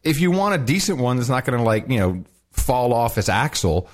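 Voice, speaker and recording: A man co-hosting a podcast, chatting casually with grumbling, animated banter. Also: mid-range voice, fairly quick. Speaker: podcast co-host.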